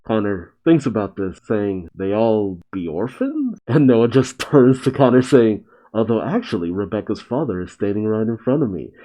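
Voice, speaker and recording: A man's voice: fairly low pitch, dark tone, highs cut off. A young man casually reading a manga chapter aloud and commenting, trying light voices for the characters and laughing often. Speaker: manga reaction host.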